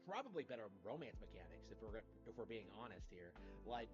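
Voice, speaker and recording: A man's voice: lowish voice, very animated, fairly quick. A man giving opinionated commentary, arguing his case and checking in with tag questions. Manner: argumentative, leans on tag questions. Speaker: video commentator. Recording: dull lo-fi clip with music.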